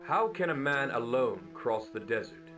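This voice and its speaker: A man's voice: mid-range voice, big pitch swings, measured pace. An actor playing a polite, formal king protagonist in a video game. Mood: courteous. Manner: formal, courteous. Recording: game dialogue over guitar.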